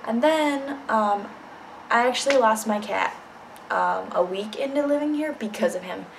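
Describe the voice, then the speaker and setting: A woman's voice: fairly high pitch, normal speed, gravelly, slight background noise, poor audio. A young woman telling a personal story in a casual vlog, blunt and candid, swearing freely. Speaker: vlogger.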